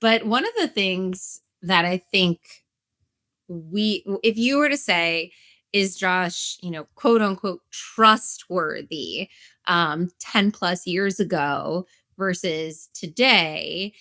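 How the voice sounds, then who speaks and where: A woman's voice: lowish voice, slow, pushed and bright, dry recording, studio quality. Passionate woman co-hosting a podcast. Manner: passionate, emphatic. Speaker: podcast co-host. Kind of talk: casual chat.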